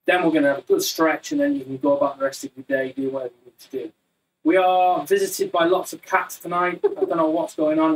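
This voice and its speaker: Male martial arts instructor, higher-pitched, rambling and jokey, heard from a distance in a living room. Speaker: Muay Thai instructor. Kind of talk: casual live online class chat. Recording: distant, slightly roomy sound.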